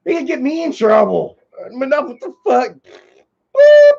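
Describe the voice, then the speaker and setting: A man's voice: extremely high pitch, huge pitch swings, unhurried, creaky, mellow, lo-fi sound. A man hosting a livestream, chatting casually and reading out viewer comments in a rambling way with many filler sounds. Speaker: livestream host.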